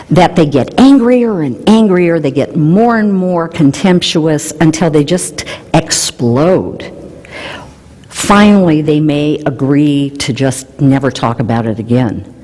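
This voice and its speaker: A woman explaining relationship research in an animated way, mixing in playful personal anecdotes. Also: deep voice, big-room sound. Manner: animated, warm storytelling with playful emphasis.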